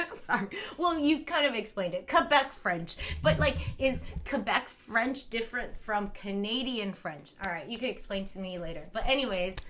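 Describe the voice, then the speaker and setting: A woman in her thirties hosts a casual live stream with a bright, forceful voice. She rambles freely, laughs often and reads out comments from her viewers. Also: fairly high pitch. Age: 30s.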